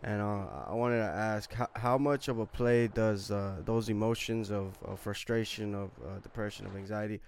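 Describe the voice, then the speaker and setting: A man hosting a podcast interview, asking long, thoughtful questions at a measured pace with frequent fillers. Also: on the low side, fairly even intonation, darkish tone, a little hiss or hum. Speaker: podcast host.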